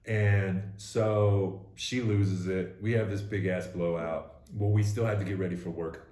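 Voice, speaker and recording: A man's voice: deep voice, steady tone, a little slow, warm tone, echoey room. A man telling his own story candidly and bluntly, with frequent swearing, in a casual conversation. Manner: raw, blunt, swears freely. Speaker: podcast co-host sharing his story.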